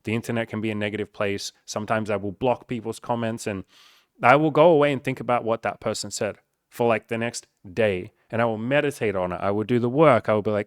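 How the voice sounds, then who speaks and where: Man, dating coach, casual vlog monologue, candid, profane, lowish voice, dry close sound. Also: quick pace, clear, resonant tone, no echo. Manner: candid, profane, self-reflective, talks straight to viewers.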